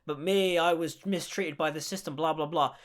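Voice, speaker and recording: A man mimicking an unhinged, resentful male villain in a low mocking drawl. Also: fairly even intonation, normal speed, close to an everyday voice. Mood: mocking, brooding.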